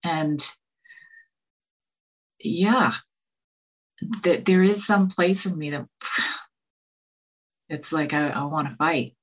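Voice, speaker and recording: A woman talking earnestly as a guest, halting and searching for words with many restarts. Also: sits low. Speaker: podcast guest. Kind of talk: earnest conversation.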